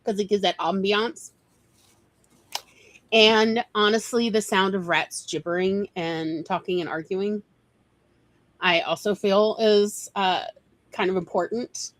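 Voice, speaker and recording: A woman's voice: medium pitch, fairly even intonation, slow pace, long pauses, poor audio. A woman hosting a casual chat, talking eagerly with lots of fillers. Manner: chatty, enthusiastic, many fillers. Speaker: host, writer.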